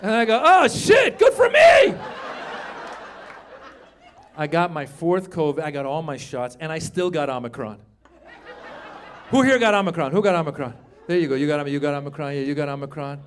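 Man in his 50s, stand-up comedian, animated crowd work, high-pitched, comedy club stage, handheld mic. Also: fast talker, a little hiss or hum.

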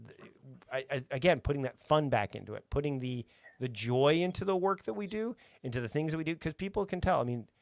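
Energetic man with a dry sound. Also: fairly high pitch, creaky, no room sound. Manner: energetic, rambling with restarts. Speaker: podcast guest. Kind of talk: casual conversation.

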